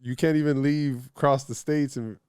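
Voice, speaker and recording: A man's voice: mid-range voice, steady tone, normal speed, darkish tone, smooth, dry recording, clean studio sound. A man with a Miami accent hosting a casual podcast interview, teasing his guest and dropping in Spanish phrases. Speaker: podcast host.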